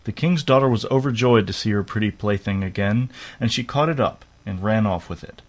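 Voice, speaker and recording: A man narrating a fairy tale aloud in a steady, unhurried storytelling manner. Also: on the low side.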